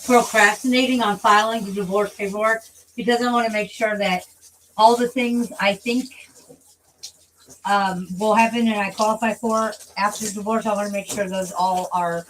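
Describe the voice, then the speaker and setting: A woman's voice: medium pitch, a bit bright, slight background noise. A woman live streamer chatting casually and rambling, blunt and profane, often laughing.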